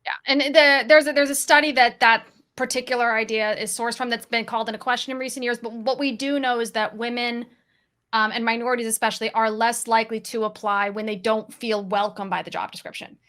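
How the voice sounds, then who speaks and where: Woman, sales coach, panel talk, direct, practical, brisk lists, somewhat high pitch. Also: steady tone, fairly bright tone. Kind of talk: panel discussion.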